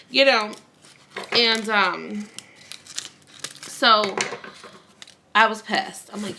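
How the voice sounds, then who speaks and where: A woman's voice: mid-range voice, takes it slowly, long pauses, pushed and bright, slight background noise. A woman vlogging at home, chatting casually while crafting and telling a long rambling story full of fillers.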